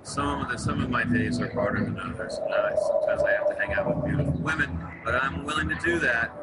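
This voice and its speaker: Playful, self-deprecating male guest, mid-pitched, on a noisy remote feed from a busy venue. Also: fast talker. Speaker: guest actor. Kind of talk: casual chat on a remote call. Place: noisy convention venue with music behind. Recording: noisy remote line with loud background.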